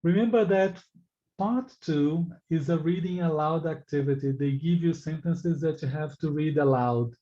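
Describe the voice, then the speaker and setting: Male teacher, mellow and a bit high, careful articulation, engaging live class, dull audio. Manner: slow, deliberately articulated teaching delivery; engaging, asks the class questions and reacts to answers. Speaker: English exam teacher.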